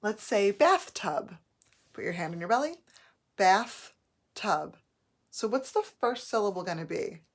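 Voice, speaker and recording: A woman teacher giving a patient phonics lesson, modeling each word slowly and clearly. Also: medium pitch, sing-song. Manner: slow, patient, drawn-out modeling of words.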